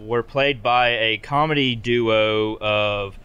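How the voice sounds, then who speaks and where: A man's voice: medium pitch, lively intonation, unhurried, fairly bright tone, clear, resonant tone, soft background music. A man co-hosting a casual podcast chat, joking around and often trailing off into hesitant restarts. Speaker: podcast co-host.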